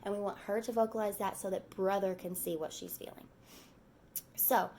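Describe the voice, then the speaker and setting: A woman teacher giving parenting advice in a calm, measured way, repeating key phrases with frequent ums. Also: mid-range voice, slight background noise.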